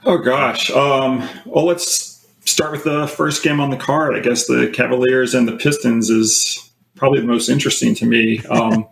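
A man in his fifties, a sports handicapper guest, talking in a relaxed, matter-of-fact way. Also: medium pitch, normal speed, vocal fry. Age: 50s. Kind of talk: casual interview answers. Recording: echoey room with faint noise.

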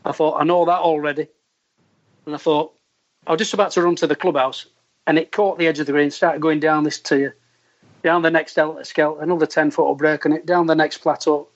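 A man, a former caddie, telling an earthy, animated anecdote and acting out the voices he quotes. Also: fairly high pitch, brisk. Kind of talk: storytelling anecdote. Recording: dull lo-fi sound.

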